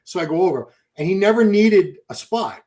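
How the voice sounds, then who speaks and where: A man hosting a podcast, telling gym stories in a relaxed, animated chat. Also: high-pitched, normal speed. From Boston. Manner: storytelling, animated. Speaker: podcast host. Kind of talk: casual chat.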